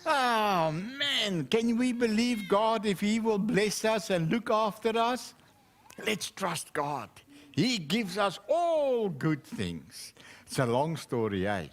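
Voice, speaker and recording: A man's voice: high-pitched, slow pace. A man, a pastor, telling a children's story in church and asking the children questions. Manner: animated, asks the children questions.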